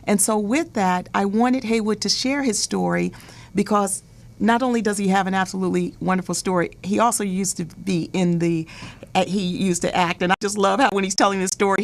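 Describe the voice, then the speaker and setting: A woman hosting an interview talk show with callers, chatty and quick to laugh, often repeating words as she goes. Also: lowish voice, darkish tone.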